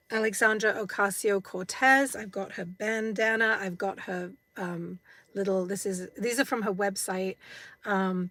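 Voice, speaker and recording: A woman's voice: mid-range voice, a bit bright, dry recording. A woman in her fifties with an English accent, chatting casually to viewers on a phone live stream from inside a parked car, rambling with many fillers. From United States. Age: 50s.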